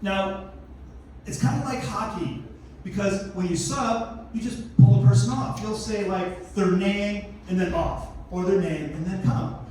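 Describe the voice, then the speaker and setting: A middle-aged man performs stand-up comedy, telling his stories with animated flair and acting out the characters in them. His voice sits high for a man. The recording comes from far off in a very echoey theater, with a faint hum of the room behind him. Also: unhurried. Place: large theater stage.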